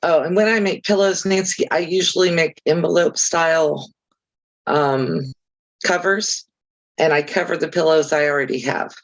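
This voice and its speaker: A woman's voice: low-pitched, moderate pace, highs cut off. A woman hosting a casual crafting livestream, chatting easily with viewers and reading out their comments, with chirpy, self-deprecating asides.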